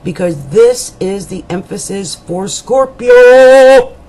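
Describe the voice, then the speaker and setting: Woman astrologer, chatty horoscope host, pitch rising and falling a lot, loose and colloquial, repeats herself for emphasis. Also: rough recording. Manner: rambling, colloquial and chatty, with asides and jokes. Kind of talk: monthly horoscope reading to camera.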